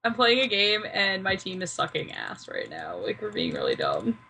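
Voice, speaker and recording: A young woman co-hosting a casual podcast, excitable and blunt, swearing freely. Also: medium pitch, moderate pace, slight background noise. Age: young adult. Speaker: podcast co-host. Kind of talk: casual chat.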